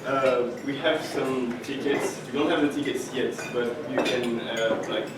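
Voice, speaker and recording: Young man, halting club announcement; distant mic, dish clatter. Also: mid-range voice, fairly even intonation. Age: young adult. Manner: halting, many fillers and restarts. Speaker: exchange student presenting. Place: meeting room with breakfast tables. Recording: echoey room, far mic, dish noise.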